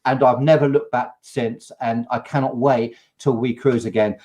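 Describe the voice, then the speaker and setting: An English man hosting a live chat show, telling an animated story and acting out the people in it. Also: medium pitch, normal speed. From England. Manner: animated, acts out quotes. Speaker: host.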